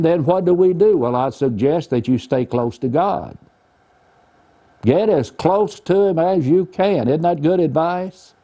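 A man's voice: a little high, dark tone. A man teaching the Bible in an earnest, folksy, plainspoken way, using homely examples. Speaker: preacher.

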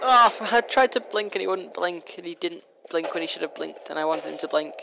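High-voiced man, fast and rambling. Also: creaky. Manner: fast-talking, rambling, playfully taunting. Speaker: gameplay commentator. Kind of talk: casual let's play commentary. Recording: noisy home recording.

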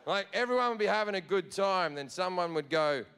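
A man's voice: sits high, animated, brisk, a bit bright, smooth. A man with an Australian accent doing a profane, brash stand-up routine. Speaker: stand-up comedian.

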